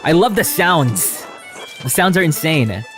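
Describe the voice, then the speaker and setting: Male game streamer, playful and excitable, fairly high voice, lively swooping delivery, faint music behind. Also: unhurried. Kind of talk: casual game stream commentary.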